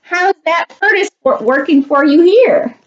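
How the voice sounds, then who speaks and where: A woman's voice: very high voice, expressive, a little slow, highs cut off, voice pushed up. A woman voicing a cheeky male shark in a picture book, making playful wisecracks. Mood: teasing.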